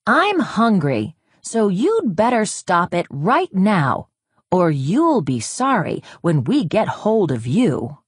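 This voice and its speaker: A woman's voice: medium pitch, big pitch swings, slow, slightly rough, no room sound, studio quality, voice pushed up, full character voice. A woman voicing a hungry, feisty young chick who talks in an indignant, threatening way in a read-aloud storybook. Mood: defiant.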